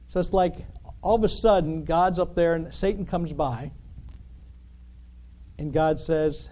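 A man preaching a sermon in an animated, emphatic, conversational way, full of rhetorical questions. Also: on the high side, a little slow.

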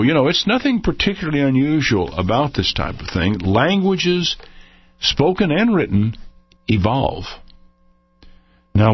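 An older man talks through a Bible lesson in a measured, explanatory way, leaning on key words for emphasis. His husky voice rises and falls in a lively, animated way. The recording is dry and dull, with a lo-fi quality. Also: medium pitch, no echo. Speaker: Bible teacher. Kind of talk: unscripted teaching talk.

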